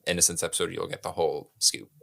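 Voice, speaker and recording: A man's voice: sits low, steady tone, quick pace, vocal fry, pushed and bright. A man co-hosting a podcast, chatting casually and joking, often laughing and putting on voices in his stories. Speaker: podcast co-host. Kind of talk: casual chat.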